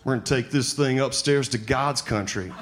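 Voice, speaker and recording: A man's voice: mid-range voice, moderate pace, noisy background, natural voice. A male comedian voicing a chatty male airline pilot with a Southern accent and an easygoing, folksy drawl. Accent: Southern US (put on).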